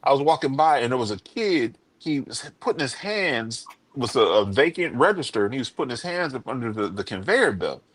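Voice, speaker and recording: Man, live stream panelist, blunt, profane, acts out quotes, lively pitch. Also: brisk, hardly any pauses, no room sound. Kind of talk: casual debate chat.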